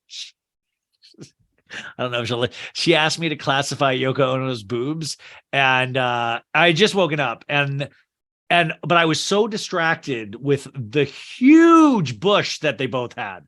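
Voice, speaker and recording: A man hosts a casual movie-recap podcast and keeps slipping into silly character voices. His voice is fairly high and bright, and his pitch swings widely as he talks. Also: measured pace. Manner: animated, does funny character voices. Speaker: podcast host.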